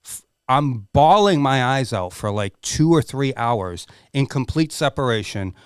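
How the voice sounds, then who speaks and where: A middle-aged man appears as a podcast guest, telling a candid personal story earnestly and emotionally while swearing freely. His medium-pitched voice is animated, a little slow, clear and resonant. The studio sound is clean, with no echo.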